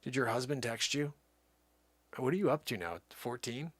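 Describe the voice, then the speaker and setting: A man hosting a comedic live show, bantering and joking in an animated, over-the-top way, pleading and rambling on a pretend call. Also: mid-range voice, slow, breathy edge, no room sound. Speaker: livestream host.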